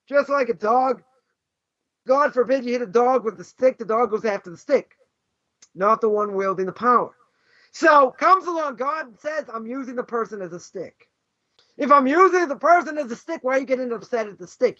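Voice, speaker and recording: A man's voice: very high-pitched, moderate pace, sharp tone, no room sound. A man teaching a class as a rabbi, emphatic and full of rhetorical questions. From Boston. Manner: emphatic, rhetorical questions, frequent "right?" and "you know". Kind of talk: animated Torah lesson. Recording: dull lo-fi dry recording.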